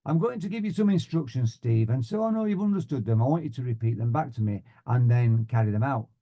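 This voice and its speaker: A man voicing a calm, blunt male flying instructor with a broad Yorkshire accent and clipped orders. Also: mid-range voice, quick pace, muffled recording, natural voice. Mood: instructive. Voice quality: clipped, matter-of-fact orders.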